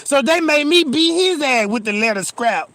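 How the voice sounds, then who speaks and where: High, bright-voiced man telling comic stories. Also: moderate pace, no echo. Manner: animated, profane, acts out scenes. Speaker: storyteller. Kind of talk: casual comic storytelling.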